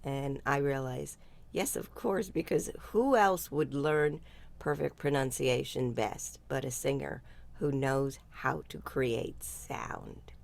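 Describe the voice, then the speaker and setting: A woman's voice: a bass voice, takes it slowly, creaky. An older woman telling a story in a casual chat, blunt and salty-tongued, laughing often. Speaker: guest speaker. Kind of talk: casual video-call chat.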